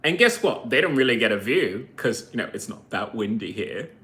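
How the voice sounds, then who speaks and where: A man's voice: medium pitch, sing-song, moderate pace, bright, forceful tone, a little hiss or hum. A man vlogging a heated, profane rant to camera, full of sarcastic rhetorical questions. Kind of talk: ranting monologue to camera.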